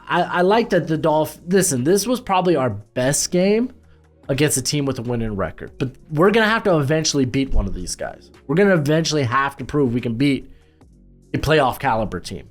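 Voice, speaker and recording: A man giving casual football commentary as host, loose and rambling with lots of fillers and restarts. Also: mid-range voice.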